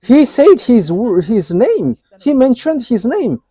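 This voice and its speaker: A man preaching a live sermon, halting, with many fillers and restarts and frequent chuckles. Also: very high-pitched, sing-song, dark tone, breathy edge, no room sound.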